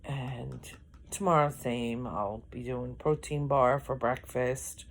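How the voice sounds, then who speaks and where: A woman's voice: rumbling low, slow pace, a little hiss or hum. A middle-aged woman, chatting casually in a vlog, rambling and correcting herself as she goes, yawning often. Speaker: vlogger.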